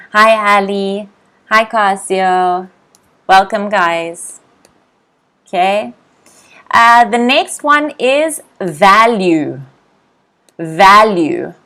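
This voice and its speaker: A young woman with an Australian accent teaching English vocabulary in a live online lesson, repeating each word slowly and greeting viewers by name. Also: mid-range voice, bright, forceful tone. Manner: slow, drilled word repetition.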